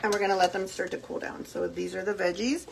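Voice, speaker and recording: A woman's voice: mid-range voice, steady tone, fast talker, vocal fry, noisy background. A young woman hosting a casual cooking vlog from her home kitchen, chatting freely and dropping in phrases. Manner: chatty, switches into Spanish phrases, frequent fillers. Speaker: cooking vlogger. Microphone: phone on a tripod.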